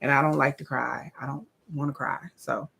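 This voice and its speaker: A woman's voice: extremely low pitch, fairly even intonation, normal speed, vocal fry, a bit bright, a little hiss or hum. A woman hosting a live watch-along, chatting candidly, swearing freely and laughing often. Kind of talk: casual reaction commentary.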